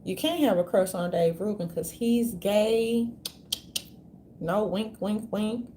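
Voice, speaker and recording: A woman's voice: mid-range voice, slow pace, dark tone, slight background noise. A woman vlogger ranting in a meandering, profane, slangy way. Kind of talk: rambling casual rant.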